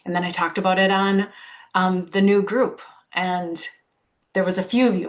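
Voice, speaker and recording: A woman coaching on a live stream, bubbly and excitable, greeting viewers as she walks outdoors and talks into a phone. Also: on the low side, normal speed. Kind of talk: casual live-stream talk. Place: outdoors on a walk.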